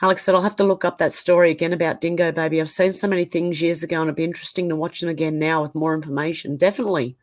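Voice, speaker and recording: A woman's voice: low-pitched, steady tone, very fast, few pauses. A woman with an Australian accent hosting a casual livestream, reading viewer comments aloud and reacting to them. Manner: reads out chat comments and reacts conversationally.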